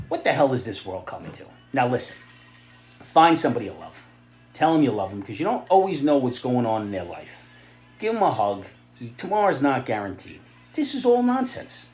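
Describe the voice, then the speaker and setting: A middle-aged man in a blunt, sarcastic opinion monologue, now and then rising to loud outbursts. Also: mid-range voice, very animated, normal speed, reverberant. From New York area. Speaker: vlogger giving opinions and advice.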